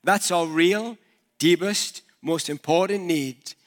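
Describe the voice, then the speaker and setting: A man's voice: on the high side, slow. A male pastor giving a conversational sermon in a church, using props and everyday examples.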